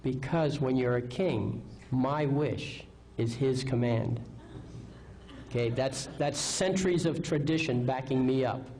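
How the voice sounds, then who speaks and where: In a live seminar lecture, a man speaks confidently at a measured pace, posing rhetorical questions and checking in with "okay?". His voice is mid-range and mellow, and the recording quality is low.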